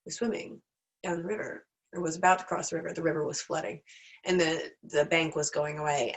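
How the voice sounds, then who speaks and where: A woman's voice: lowish voice, low-quality recording. A woman leads a casual online class with a candid, self-deprecating manner. She rambles into asides as she goes. She sounds a little teary, her nose stuffed up. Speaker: class teacher.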